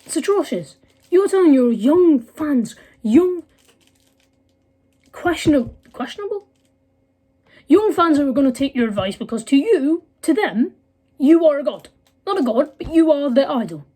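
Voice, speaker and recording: Teen girl ranting on her vlog, swears loads, kinda high but mellow voice. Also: very animated, measured pace, long pauses. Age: late teens. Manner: heated, blunt, swears often. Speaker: vlogger. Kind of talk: angry profane rant.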